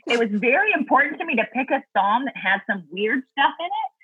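A woman's voice: sits high, big pitch swings, a little fast, breathy edge, no echo, phone-quality sound. A woman guest talking earnestly and thoughtfully about Bible study in a casual faith chat, laughing easily.

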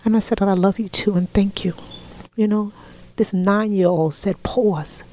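A woman in her forties telling a personal story in an interview, heartfelt, often dropping to a soft whisper when quoting family. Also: mid-range voice, unhurried, a little hiss or hum, poor audio. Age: 40s. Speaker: interview guest.

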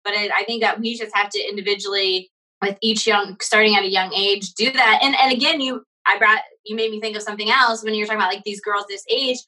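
A woman's voice: medium pitch, bright, forceful tone, poor audio. A woman in her forties co-hosting a podcast, telling stories in a rambling, casual way with many fillers. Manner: rambling storytelling with frequent "like" and laughs. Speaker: podcast co-host. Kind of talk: casual chat.

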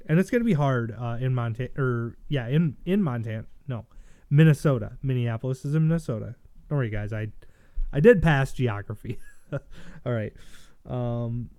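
A man's voice: medium pitch, warm tone, no room sound, clean studio sound. A man hosting a solo livestream, reading news aloud and giving opinionated commentary with frequent restarts and self-corrections. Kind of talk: casual solo political commentary.

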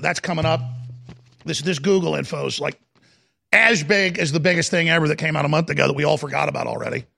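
A man's voice: sits high, gravelly, pushed and bright. A male talk radio host delivering impassioned, digressive political commentary, piling up phrases and restarting sentences. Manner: impassioned, digressive, rapid-fire with repeated restarts.

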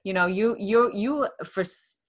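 A woman's voice: mid-range voice, a little slow. A woman interviewer asking questions in a supportive, affirming way.

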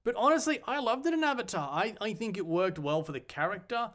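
Enthusiastic Australian man, slightly high. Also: lively intonation, fast talker, a bit bright. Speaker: podcast co-host. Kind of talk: casual film review chat.

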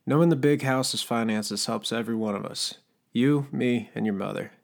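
A man's voice: medium pitch, normal speed, gravelly, close to an everyday voice. A man voicing a scarred, disgraced male cook in an audiobook, sly and needling as he cajoles. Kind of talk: audiobook character voice.

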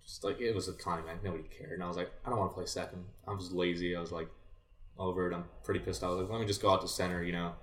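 A man's voice: low voice, rapid-fire, reverberant. A young man, a guest talking casually about his baseball days, rambling along and acting out quoted lines. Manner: rambling, animated retelling with quoted dialogue. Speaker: guest, former baseball player. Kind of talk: casual storytelling.

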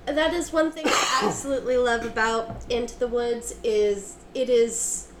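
A woman's voice: a little high, steady tone, moderate pace, echoey room, noisy background. A woman co-hosting a theater podcast, chiming in playfully with quips during casual chat.

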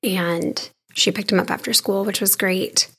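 A woman in her thirties frankly recounts something that happened to her, talking conversationally in a mid-range, slightly rough voice at a somewhat slow pace. She moves between hushed moments and animated ones as she shares the experience.

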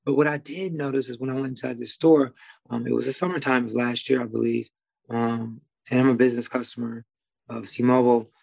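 Gravelly man with a slight Midwest twang. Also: medium pitch, steady tone, a little fast, a little mellow, no echo, low-quality recording. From Detroit. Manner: rambling, many fillers and restarts. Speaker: guest. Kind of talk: casual conversation.

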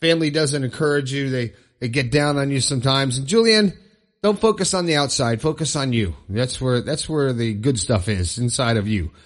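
A man's voice: mid-range voice, normal speed. A middle-aged man hosting a solo motivational podcast, upbeat and rambling, often repeating phrases for emphasis. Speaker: podcast host. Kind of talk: solo motivational talk show.

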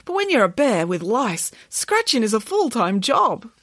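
Une femme jouant un gros ours russe dramatique. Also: female voice, a little high, very animated, normal speed, a bit bright, dry recording, studio quality, pitched above the performer's own voice. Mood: fussy. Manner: dramatic, emphatic. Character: big fussy Russian male bear, protective brother.

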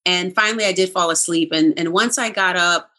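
In a brisk, somewhat low voice, a middle-aged woman tells a story from her own life during casual conversation. She's animated, voicing the quoted lines like a performance, with frequent laughs.

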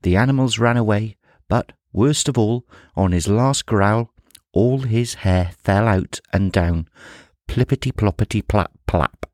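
Man, storyteller, playful, expressive, low voice, dry close sound. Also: unhurried, no room sound. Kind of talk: humorous storybook reading.

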